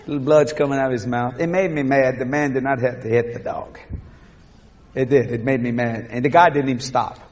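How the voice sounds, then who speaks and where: A man preaching with comic storytelling, animated and laughing as he acts out scenes. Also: medium pitch, a little fast.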